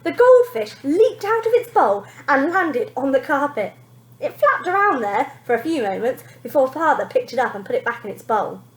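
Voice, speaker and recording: Lively teacher reading a storybook aloud. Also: female voice, high voice, moderate pace, roomy sound, poor audio. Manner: lively expressive, pointing out pictures.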